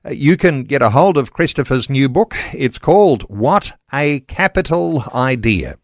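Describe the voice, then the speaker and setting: Measured radio host, dry studio. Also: male voice, medium pitch, lively intonation, no room sound. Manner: measured, reflective, with "uh" fillers. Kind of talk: Christian radio interview.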